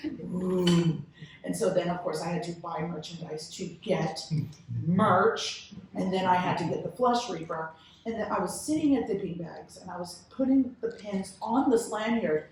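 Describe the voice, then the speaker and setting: A chatty, giggly woman from Texas, United States, tells stories as a panelist at a convention panel. Her voice sits on the low side, a little mellow and moderately paced, and it's heard from far off in an echoey, large convention hall with slight background noise.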